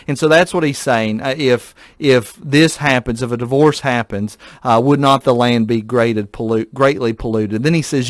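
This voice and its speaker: A man's voice: medium pitch, measured pace, hardly any pauses, dry recording, studio quality. Earnest male pastor reading scripture. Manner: earnest, reflective, with frequent restarts. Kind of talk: Bible reading with commentary.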